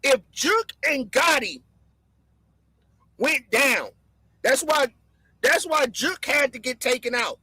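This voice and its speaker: Bright high-voiced man hosting a live stream. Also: lively intonation, slow, long pauses, slightly rough, no echo, rough recording. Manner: emphatic, repeats key lines for effect. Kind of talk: casual live-stream commentary.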